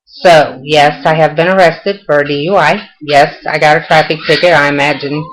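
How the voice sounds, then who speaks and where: A woman's voice: deep voice, fairly even intonation, moderate pace, poor audio. An older woman with a Southern US accent, chatting casually and answering questions in a home vlog, folksy and self-deprecating. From Southern United States. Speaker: vlogger.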